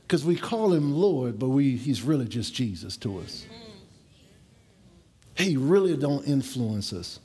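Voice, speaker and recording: A middle-aged male pastor delivering a sermon to his church, telling stories and jokes in a conversational way and stretching out key phrases slowly for emphasis. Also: medium pitch, a little mellow, breathy edge. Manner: conversational storytelling preaching with jokes; slow, emphatic drawn-out phrases. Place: church service with congregation.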